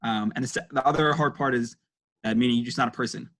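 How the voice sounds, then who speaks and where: A man's voice: medium pitch, steady tone, fast, fairly bright tone. A young man speaking as a guest in a casual interview, answering in a thoughtful way with many fillers.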